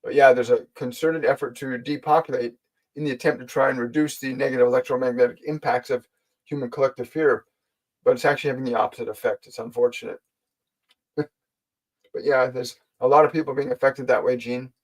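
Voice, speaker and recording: A man with a mid-range voice and steady tone talks a little fast on a low-quality recording. Hosting a live spiritual stream as its teacher, he speaks gently and directly to his audience, answering questions earnestly and repeating key phrases for emphasis.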